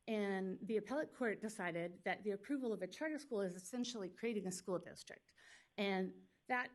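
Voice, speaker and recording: A woman attorney makes a formal legal argument before a public commission. She talks quickly and pointedly, pressing each point. Her voice sits at a middle pitch. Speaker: attorney representing a school district. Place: public meeting hearing room.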